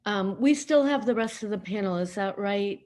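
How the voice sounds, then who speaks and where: Woman chairing a hearing on a video call, soft, kinda hesitant. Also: mid-range voice, moderate pace. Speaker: committee chair. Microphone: remote video call.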